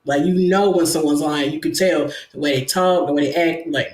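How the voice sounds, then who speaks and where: A male host chatting in an interview, animated and emphatic, laughing easily. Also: a little high, normal speed, few pauses. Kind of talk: casual interview chat. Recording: echoey room.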